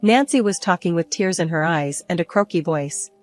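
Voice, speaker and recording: An older woman calmly narrating a story in the first person. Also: lowish voice, moderate pace, faint music behind. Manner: calm, even storytelling. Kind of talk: scripted narration.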